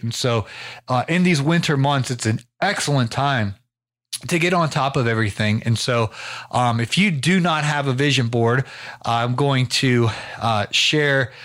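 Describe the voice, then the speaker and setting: A man's voice: medium pitch, fairly bright tone. A man from the United States hosting his own podcast, telling a story in a casual, rambling way with lots of fillers and restarts. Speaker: podcast host.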